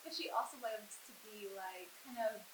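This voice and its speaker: A woman's voice: medium pitch, normal speed. A woman, a stage actress, chatting and giggling about her character. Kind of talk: casual interview. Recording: echoey room with hiss.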